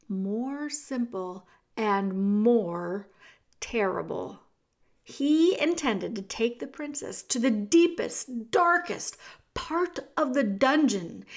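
Woman narrator for a storybook audiobook; unhurried, fairly high voice, expressive. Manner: measured, expressive reading. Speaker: audiobook reader.

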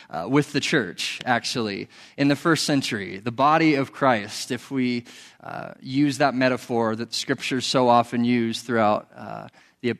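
A young man preaching a sermon, opening with an animated personal story full of vivid asides. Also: medium pitch. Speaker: pastor. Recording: long reverb of a hall.

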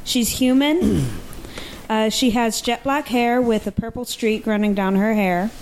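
A woman introducing her tabletop character in a plain, unhurried way. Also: on the high side, a little mellow, slight background noise, rough recording. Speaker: tabletop game player.

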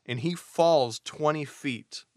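A man's voice: a little high, no room sound. Guy recapping a book on a podcast, chatty, dry close sound. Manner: chatty retelling with quick voiced asides. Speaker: podcast co-host recapping a novel. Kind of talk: casual chat.

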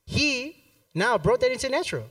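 A man's voice: on the high side, normal speed, dry recording, distant mic. A man preaching a sermon at a church service, telling a story and acting out the quotes with plenty of laughter. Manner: animated, acts out quotes, laughs often.

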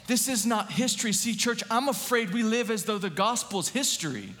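A man preaching a sermon, fervent and calling out to his congregation, at times rising to shouting. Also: high voice, lively intonation, normal speed, hardly any pauses. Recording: long hall reverb.

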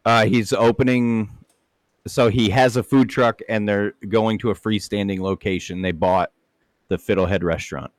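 A man's voice: fairly low pitch, fairly even intonation, normal speed, dry recording, clean studio sound. A man co-hosting a podcast in casual chat, blunt and crude with jokes. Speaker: podcast co-host.

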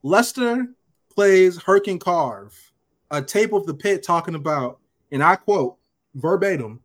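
A man hosting a casual podcast, retelling scenes and acting out the characters' lines in an animated way. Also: high voice, unhurried. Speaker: podcast host recapping a TV episode. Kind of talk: casual chat.

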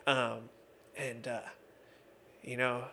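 This thirty-something interview guest works as an MMA referee and judge. He spins casual, laughing anecdotes packed with fillers, his mid-range voice flat and sharp-toned with drawn-out words, over a slight hiss or hum.

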